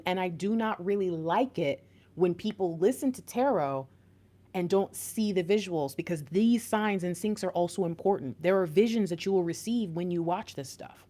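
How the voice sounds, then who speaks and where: A woman giving a spiritual tarot reading, chatty and emphatic, speaking straight to her viewers with teasing asides. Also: on the low side. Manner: chatty, emphatic, laughs often; addresses viewers directly, warm teasing asides. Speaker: tarot reader.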